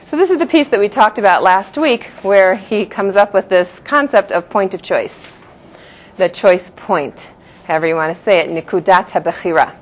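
A woman's voice: medium pitch, animated, moderate pace. Woman teaching a class, dull lo-fi recording. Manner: explanatory, repeats terms in two pronunciations, laughs lightly. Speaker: teacher of a Jewish philosophy class. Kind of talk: classroom lecture.

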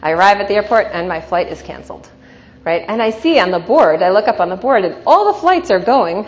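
A woman teaching a class as a coach, telling lively stories and often checking in with "right?". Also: medium pitch, fast. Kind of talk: storytelling lecture to an audience. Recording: dull recording in a reverberant hall, faint noise.

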